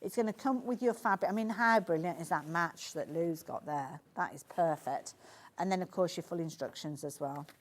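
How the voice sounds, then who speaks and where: Speaking at normal speed in a lowish voice with a Brummie accent, a woman demonstrates sewing products live on a shopping channel. She's chatty and enthusiastic with many asides, and the recording carries a little hiss or hum.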